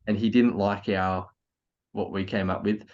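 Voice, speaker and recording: A man's voice: on the low side, little pitch movement, measured pace, darkish tone. Tipsy Australian man co-hosting a footy podcast, gushing and giggly, slightly muffled lo-fi recording. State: tipsy from beer. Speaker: podcast co-host. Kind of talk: casual football podcast chat.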